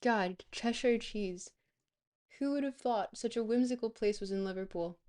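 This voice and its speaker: A young woman streaming a geography guessing game, rambling and playful, breaking into sudden excited squeals. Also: fairly high pitch, moderate pace. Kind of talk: live-stream game commentary.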